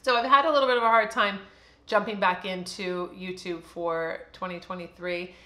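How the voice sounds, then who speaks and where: A woman's voice: mid-range voice, steady tone, moderate pace, sharp tone, echoey room. A woman in her fifties talking candidly and casually to camera as a beauty vlogger, chatty and full of fillers.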